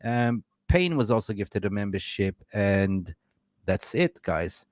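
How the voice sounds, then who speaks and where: A man's voice: on the low side, lively intonation, normal speed, a little mellow, no echo. Effusive male livestream host, dry sound. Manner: effusive, emotional, rambling. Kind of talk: casual live stream chat.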